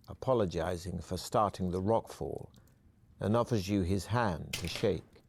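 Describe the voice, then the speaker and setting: A man narrating a fantasy adventure game in the second person, calm and even. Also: deep voice.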